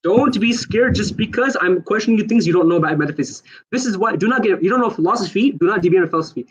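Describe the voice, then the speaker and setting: A man in a heated online debate, talking fast and insistently, repeating himself and talking over his opponent. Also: high-pitched, expressive, slightly rough, no echo.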